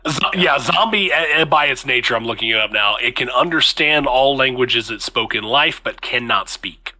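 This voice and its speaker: A man's voice: medium pitch, animated, normal speed, sharp tone, rough recording. A man narrating as game master of a tabletop game, laid-back and laughing.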